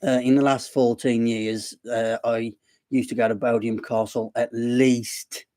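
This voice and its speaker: A man's voice: medium pitch, level tone, a little slow, dark tone. A man with a Black Country accent hosting a casual live stream, rambling and self-deprecating as he chats. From Black Country, West Midlands.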